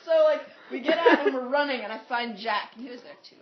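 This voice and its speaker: A woman with a fairly high voice tells a story in a relaxed vlog, bouncing between narration and acted-out quotes and saying "like" a lot. The room is echoey and the sound is dull and lo-fi. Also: fast talker. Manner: animated, acts out quotes, says "like" often. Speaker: vlogger. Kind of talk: casual storytelling.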